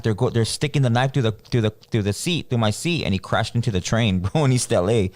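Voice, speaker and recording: He speaks at medium pitch, fairly quickly and with hardly any pauses, in a recording free of room sound. The man co-hosts a podcast, telling a slangy, loose story and animatedly voicing the characters he quotes.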